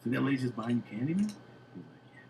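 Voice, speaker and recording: A man, a comedian guest, telling an animated story in a casual podcast chat and laughing often. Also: medium pitch, quick pace, creaky, a little hiss or hum, low-quality recording.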